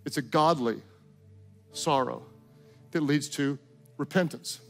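A man pastor preaching a sermon, swinging from loud emphatic lines to hushed, low passages. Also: takes it slowly, faint music behind.

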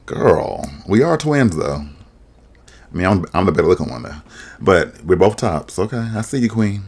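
A man giving casual reaction commentary, animated and exclaiming, mimicking voices as he talks. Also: deep voice, normal speed. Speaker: drag reaction vlogger.

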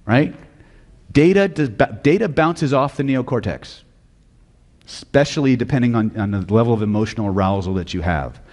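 A man's voice: medium pitch, expressive, normal speed, darkish tone, in a large hall. A man teaching hypnosis at a live seminar, blunt and profane, often quizzing the audience. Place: lecture hall with audience.

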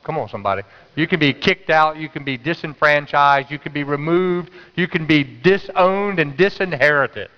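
Pastor preaching in a dull, echoing hall. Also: male voice, fairly high pitch, normal speed. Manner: conversational storytelling, urging the congregation to respond. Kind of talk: sermon. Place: church sanctuary.

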